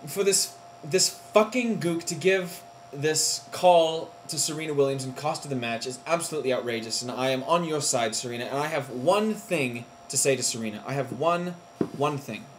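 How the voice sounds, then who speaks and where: A man in his own video blog, ranting indignantly straight to the camera. His voice sits a little higher than most men's and leaps up in sudden loud bursts of outrage. A faint hum of background noise runs under him. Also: normal speed. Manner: heated, outraged, with sudden loud jumps in pitch. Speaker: vlogger. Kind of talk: indignant vlog rant.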